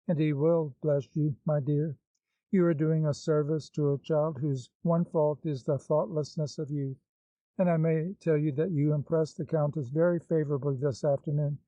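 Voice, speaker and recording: A man's voice: on the high side, mellow, no room sound, lightly acted. A man reading the part of an anxious, devoted older woman with a pleading, fretful manner, in a dull, dry recording.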